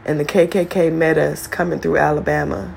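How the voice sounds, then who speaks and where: Low gravelly woman testifying. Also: level tone, a little fast, a little hiss or hum. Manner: preacherly, profane, builds to high shouted pitch when retelling. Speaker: speaker telling her life story. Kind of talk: impassioned testimony monologue.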